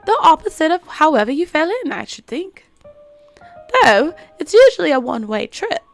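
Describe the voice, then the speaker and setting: A woman's voice: sits high, big pitch swings, creaky, soft background music, full character voice. A woman doing a smug riddling cat. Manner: riddling, smug, drawn-out put-on accent. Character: cryptic, teasing male cat.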